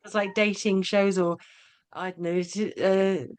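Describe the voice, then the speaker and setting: Female podcast host, easygoing and halting, full of tag questions and false starts. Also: medium pitch, little pitch movement, a little mellow, clean tone. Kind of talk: casual conversational interview.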